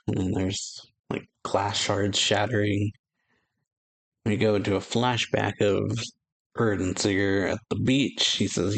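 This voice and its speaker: A man hosting an anime reaction channel, casually recapping a manga chapter, rambling with many fillers and reading the characters' lines in a flat voice. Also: lowish voice, a little slow, gravelly.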